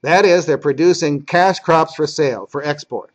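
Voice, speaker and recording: A man's voice: a little high, moderate pace, poor audio. A man teaching a history class as lecturer, talking conversationally and repeating key points for emphasis.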